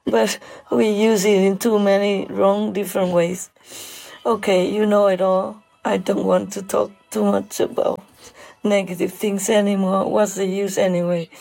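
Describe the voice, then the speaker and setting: A woman giving a heartfelt moral talk, halting and emotional, with many pauses and fillers. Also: medium pitch, little pitch movement, vocal fry, dark tone, faint music behind.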